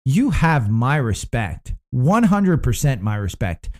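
Rambling male stock-show host, mellow voice. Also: mid-range voice, very animated, slow pace. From United States. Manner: rambling, frequent fillers and restarts. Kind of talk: casual market commentary.

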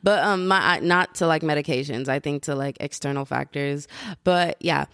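A woman's voice: deep voice, normal speed, fairly bright tone, clean tone, no room sound, studio quality. Slangy giggly young woman. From United States. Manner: slangy, hyping, giggly, rambling. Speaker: podcast host. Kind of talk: casual solo podcast chat.

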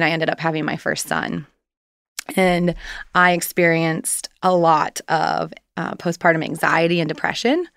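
A woman's voice: low voice, gravelly, fairly bright tone, smooth, no room sound, studio quality. A woman in her thirties, a guest candidly recounting a personal story in casual, rambling conversation.

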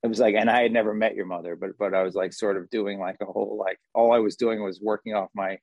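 A man's voice: on the low side, fairly even intonation, fast, creaky, dry recording, muffled recording. A man with a New Jersey accent, a guest chatting casually in a wry, rambling way. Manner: rambling, wry, full of fillers. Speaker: guest, actor and crew member. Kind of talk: casual interview chat.

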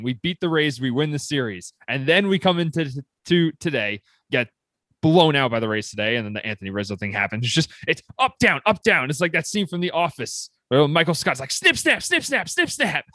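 A man co-hosting a casual sports chat, talking in an animated, excitable way. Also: dry recording. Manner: animated, excitable, rapid swings in pitch. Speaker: podcast co-host.

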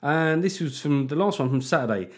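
A man's voice: a little high, lively intonation, brisk. A man hosting a podcast, delivering a casual comic monologue that rambles and is full of swearing. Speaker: podcast host.

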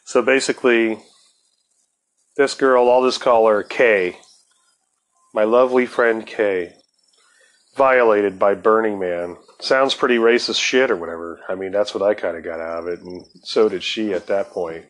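A man telling a rambling personal story in a laid-back, profane way, full of fillers and restarts, and high while he talks. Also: fairly even intonation, a little slow. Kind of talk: casual storytelling.

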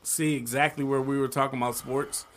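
A man's voice: mid-range voice, level tone, brisk. A man hosting a casual group podcast chat, laid-back, swearing and laughing easily. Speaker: podcast host.

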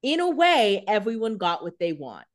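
A woman's voice: mid-range voice, very animated, moderate pace. A woman co-hosting a casual TV recap podcast, blunt and opinionated with casual swearing. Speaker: podcast co-host.

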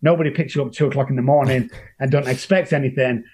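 Husky man telling his story. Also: medium pitch, steady tone, fast talker, darkish tone. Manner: earnest, emotional, acts out quoted voices. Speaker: interview guest. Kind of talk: personal storytelling.

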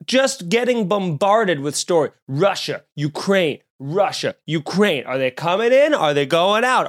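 A man's voice: high-pitched, a bit bright. A man with a Long Island accent hosting a casual comedy podcast, rambling and joking with frequent self-corrections. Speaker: podcast host.

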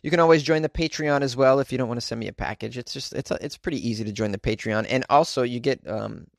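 A man's voice: medium pitch, fast talker, vocal fry, no room sound, clean studio sound. A man hosting his own podcast, chatting casually with sarcastic asides and plenty of fillers. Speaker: podcast host. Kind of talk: casual solo podcast chat.

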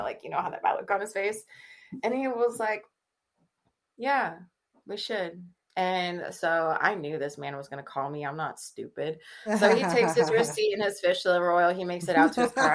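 A woman's voice: fairly low pitch, normal speed. A woman in her thirties from the Kansas City area, a podcast guest telling a casual story, chatty, laughing often and acting out the people she quotes. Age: 30s.

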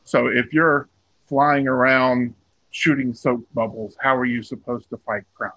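A man's voice: mid-range voice, fairly even intonation, measured pace, pushed and bright, no room sound, lo-fi sound. A man, a comic book artist being interviewed, talking casually and rambling with many ums and restarts.

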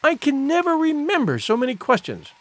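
A man voicing a tender young woman in love, speaking softly and gently in a murmur. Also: high voice, very animated, normal speed, slightly rough, heavily acted. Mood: teasing.

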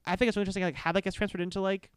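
A young podcast co-host rambles through stories at a quick clip, stammering and repeating words along the way. The voice is smooth and clear, recorded dry with no room around it. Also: medium pitch, flat delivery, no room sound. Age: young adult. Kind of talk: casual chat.

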